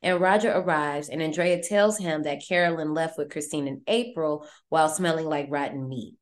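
A woman with a lowish voice hosts a podcast, retelling a horror film in loose, chatty slang. She talks animatedly and swears freely. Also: normal speed. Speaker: podcast host. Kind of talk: casual horror movie recap.

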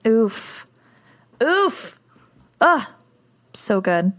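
A woman's voice: a little high, big pitch swings, drawn-out words, a bit bright. A woman hosting an interview, reacting with enthusiasm. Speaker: host.

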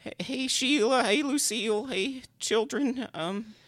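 A woman playing an eager, apologetic male demon producer who stammers and rambles excitedly in a comedy podcast. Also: a little high, measured pace, no room sound, clean studio sound. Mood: earnest.

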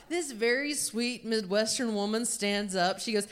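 A woman stand-up comedian telling a story to a live club audience, with animated, punchy delivery. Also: a little high, measured pace.

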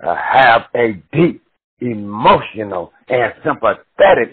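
A man preaching a sermon with passion, swinging from shouted cries to hushed murmurs and drawing out words slowly. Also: mid-range voice, expressive, breathy edge. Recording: tinny phone-like recording.

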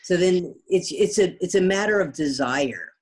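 A woman's voice: fairly low pitch, expressive, normal speed, darkish tone. A woman guest, a biology professor, explaining things in casual conversation with everyday examples. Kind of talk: conversational interview.

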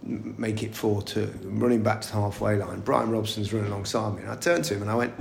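A man's voice: on the low side, fairly even intonation, quick pace, gravelly, slight background noise. A middle-aged man, a former footballer, telling chatty anecdotes in an interview, laughing often and restarting his sentences. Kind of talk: casual interview storytelling. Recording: echoey room.

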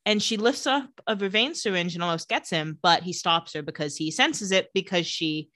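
A woman's voice: lowish voice, moderate pace, a bit bright, no room sound. A woman co-hosting a podcast, casually recapping a TV episode and acting out the characters' lines in playful voices. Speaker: podcast co-host recapping a TV show. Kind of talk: casual chat.

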